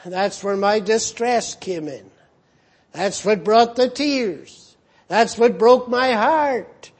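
A man's voice: sits high, takes it slowly, slightly rough, heavily acted. A man acting out a desperate father who cries out in anguish, pleading and broken.

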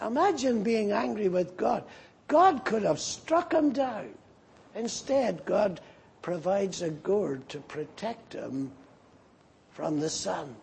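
A man's voice: high voice, lively intonation, takes it slowly, creaky, darkish tone, a little hiss or hum. A man preaching a sermon and animatedly voicing the scripture figures as he retells the story.

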